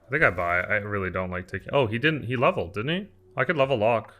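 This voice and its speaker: A man's voice: fairly low pitch, lively intonation, fast talker, bright, forceful tone. A man streaming a card game, thinking aloud and answering chat questions in an explaining tone. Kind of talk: live-stream gameplay commentary. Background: faint lo-fi music.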